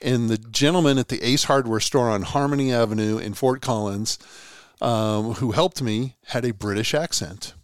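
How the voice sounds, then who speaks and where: A man's voice: medium pitch, normal speed, clean tone, dry recording, studio quality. A man co-hosting a casual sports podcast, telling long rambling stories with many restarts. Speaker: podcast co-host.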